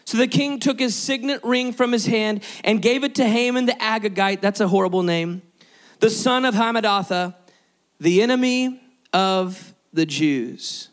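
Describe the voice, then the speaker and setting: High-voiced, energetic male preacher. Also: moderate pace. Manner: energetic preaching, calls on the congregation to respond. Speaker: pastor. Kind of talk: sermon.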